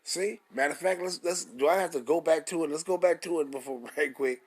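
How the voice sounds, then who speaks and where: A man preaches scripture with a husky, fairly high voice. He hammers his points with repeated rhetorical questions and blunt swearing, in an emphatic street-style sermon. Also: a little fast.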